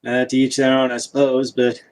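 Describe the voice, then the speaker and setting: A man's voice: mid-range voice, monotone, fairly quick. A man playing a tabletop role-playing game, speaking in character with an easygoing frontier drawl. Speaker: player.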